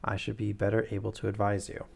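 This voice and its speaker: A sharp, brisk Victorian detective from a storybook reading, with a gravelly, fairly low voice, as a male reader puts him on. He speaks in clipped, dry lines. The voice stays close to the reader's own. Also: completely flat delivery, heavily acted.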